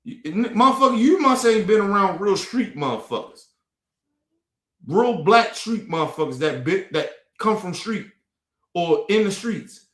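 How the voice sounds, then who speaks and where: A man's voice: high voice, big pitch swings, measured pace, fairly bright tone. Indignant, swearing man in echoey room. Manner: indignant, blunt, heavy swearing. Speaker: streamer reacting to clips. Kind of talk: casual profane commentary. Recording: roomy echo.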